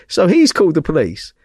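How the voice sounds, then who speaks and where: A man's voice: a little high, darkish tone, breathy edge, no room sound, studio quality. A man, a podcast guest, telling a tense story in a blunt way, swearing heavily as he goes.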